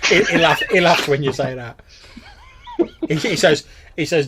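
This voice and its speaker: A man's voice: a little high, unhurried, pauses often, background noise. A man narrating as game master of a tabletop game in short bursts. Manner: brief narration of character actions.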